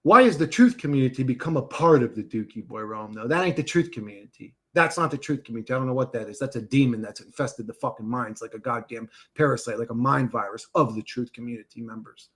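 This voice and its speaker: A man's voice: medium pitch, fast, few pauses, fairly bright tone, husky. A man hosting a livestream, ranting and swearing as he answers chat comments. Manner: agitated, profane, talks back to chat comments. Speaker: livestream host reading chat. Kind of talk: casual livestream rant.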